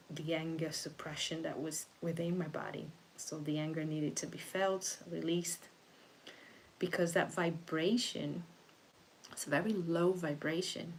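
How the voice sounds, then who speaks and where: A woman hosting a spiritual livestream, talking in a soft, meandering way with frequent restarts. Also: deep voice, slight background noise, poor audio. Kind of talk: casual reflective livestream talk.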